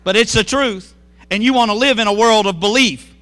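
A middle-aged man preaches, and his voice sits high and sounds bright and forceful. He talks in animated bursts and keeps asking the congregation questions. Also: fairly quick. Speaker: pastor. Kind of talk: sermon.

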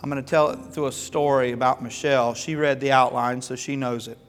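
A pastor from Florida and the American South preaching a sermon, telling stories in a folksy, humorous, animated way. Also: male voice, medium pitch, a little fast. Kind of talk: sermon with storytelling. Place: church sanctuary. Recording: long hall reverb with faint music.

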